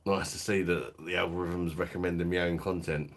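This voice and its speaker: This beer reviewer is a middle-aged man talking fairly quickly in a low voice with little pitch movement. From home, he hosts a live stream, chatting casually, swearing, laughing often and reading the chat aloud.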